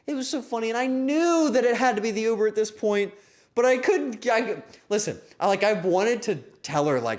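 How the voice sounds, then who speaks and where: A young man hosting a stream, telling a story to his chat in a casual, swearing, animated way. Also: sits high, normal speed. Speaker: streamer host.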